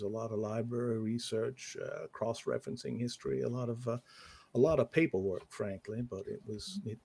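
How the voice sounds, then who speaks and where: A guilt-ridden occult investigator, played by a man at a tabletop game, recalling his ordeal with a low, gravelly rasp. He stumbles through each sentence, stopping and restarting in a halting way. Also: dark tone. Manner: halting, hesitant storytelling. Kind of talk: in-character tabletop role-play.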